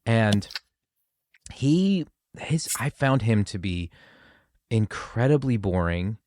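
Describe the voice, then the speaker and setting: A man's voice: fairly low pitch, lively intonation, slow pace, darkish tone, slight background noise. A man hosting a podcast, asking thoughtful, meandering questions in a casual conversation. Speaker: podcast host.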